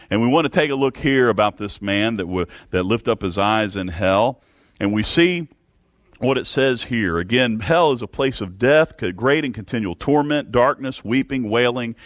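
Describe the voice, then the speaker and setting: A man preaching a sermon in a folksy way, dropping to hushed low tones and rising to loud pleading cries. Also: dry recording. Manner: folksy, addresses congregation as folks.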